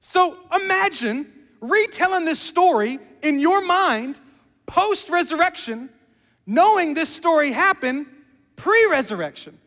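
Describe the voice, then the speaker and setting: Male pastor, high register, lively storyteller; long hall reverb on the mic. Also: unhurried. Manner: animated storytelling, drops to hushed emphasis. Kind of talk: sermon.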